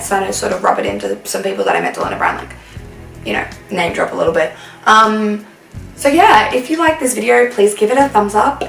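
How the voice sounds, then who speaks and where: A woman's voice: mid-range voice, creaky, fairly bright tone. A young Australian woman telling a storytime vlog in a chatty, filler-heavy way, recorded in a roomy space with faint music. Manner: chatty, breathless, lots of fillers. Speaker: vlogger. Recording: roomy sound, distant mic, faint music.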